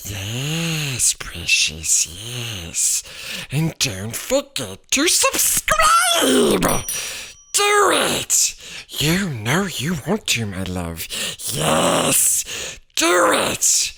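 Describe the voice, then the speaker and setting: A performer voicing a male Gollum-like creature who reads a children's storybook aloud in a raspy, gravelly voice with wheedling creepy asides. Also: medium pitch, pushed and bright, heavily acted. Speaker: storybook reader. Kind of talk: read-along storybook narration.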